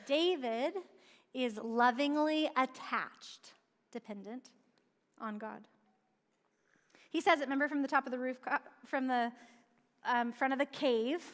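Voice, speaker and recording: A woman preaching a sermon in a church, earnestly asking questions and answering them herself. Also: fairly high pitch. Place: church sanctuary. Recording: long church-hall reverb.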